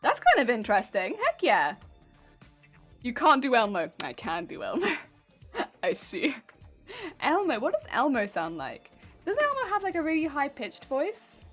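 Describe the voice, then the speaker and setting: A woman's voice: high voice, wildly swooping pitch, measured pace, long pauses, a bit bright, soft background music. A woman streamer chatting casually with viewers while she does machine embroidery, laughing often and poking fun at her own grating voice. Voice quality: grating, honking voice.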